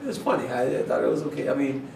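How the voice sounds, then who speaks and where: A man being interviewed, telling a story in a lively, casual way, laughing often and acting out what people said. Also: medium pitch, racing, vocal fry, reverberant, recorded from a distance, a little hiss or hum, rough recording. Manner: animated, laughing, acts out quotes. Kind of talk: casual storytelling in a media scrum.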